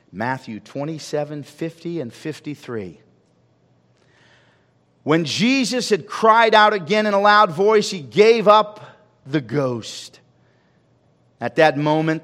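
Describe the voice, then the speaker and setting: A man preaching a sermon as pastor, swinging from loud calls to hushed asides. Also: on the high side. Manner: preaching with sweeping rises and drops in volume. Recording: long reverb of a large hall.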